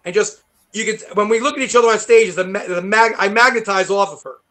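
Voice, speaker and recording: Fast-talking New York man, high voice. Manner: rambling, animated storytelling with many fillers. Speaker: guest guitarist. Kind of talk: casual interview chat.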